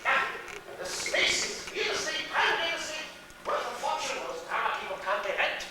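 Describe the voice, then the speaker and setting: A man performs a scheming elderly refugee landlord with a Yiddish-inflected accent, brash, sardonic and full of profane asides. The voice sits very high and cuts through with a piercing, bright edge. It is heard from a distance on an echoey theatre stage. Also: expressive, moderate pace, slight background noise, heavily acted. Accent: Yiddish-inflected English. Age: older. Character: elderly male European-born refugee landlord, cynical and scheming. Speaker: stage character in a monologue. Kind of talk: theatre monologue. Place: theatre stage before a laughing audience.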